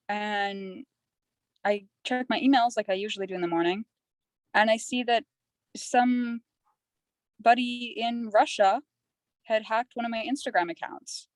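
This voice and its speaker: A woman's voice: fairly high pitch, unhurried, pauses often, dry recording, rough recording. A young woman from Canada, a podcast guest, telling her story in a rambling, candid, chatty way. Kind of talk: candid casual conversation.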